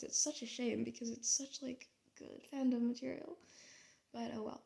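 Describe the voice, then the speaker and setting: A young American woman talks to the camera in a loose, thinking-out-loud way, trailing off and restarting often. Her slightly high voice is thick with creaky vocal fry. It sounds like a casual artist's vlog. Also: flat delivery, moderate pace. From United States. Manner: rambling, thinking aloud with many fillers and restarts. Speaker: artist and vlogger. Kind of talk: casual reflective monologue.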